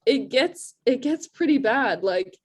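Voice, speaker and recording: A woman's voice: high-pitched, lively intonation, a little slow, breathy edge. A young Australian woman with an Australian accent, a college lacrosse player answering casual interview questions over a video call, chatty, laughing often and full of "like" fillers. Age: young adult.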